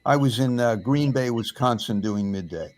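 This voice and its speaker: An older man, once a radio disc jockey, looks back on his career in a relaxed podcast chat. He tells it as a story, pausing often on fillers. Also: medium pitch. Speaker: former radio DJ. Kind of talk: casual reminiscing chat.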